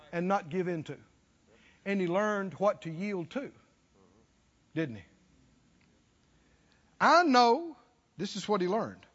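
A man's voice: sits high, fairly bright tone, long reverb tail, dull audio. A man preaching a sermon, emphatic and exhorting, firing rhetorical questions at the congregation.

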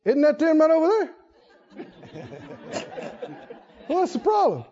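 A man's voice: extremely high pitch, big pitch swings, takes it slowly, dark tone, lo-fi sound, voice pushed up, full character voice. A man preacher voicing a cheerful teenage shepherd boy who brings food to soldiers, talking in an easygoing, folksy way. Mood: amused.

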